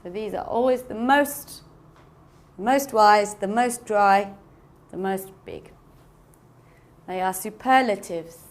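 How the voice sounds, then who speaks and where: Slow, patient woman teaching English. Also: mid-range voice. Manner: patient, repeats words and spells them out. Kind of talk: slow classroom explanation.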